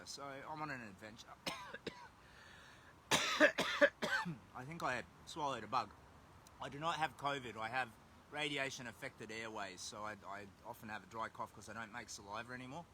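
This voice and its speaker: A man's voice: medium pitch, fairly quick, long pauses, pushed and bright, slight background noise. An Australian man chatting casually on a livestream, reading out viewer comments while walking by a road. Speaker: livestreamer on a long charity walk. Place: outdoors by a road, windy. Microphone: phone held while walking.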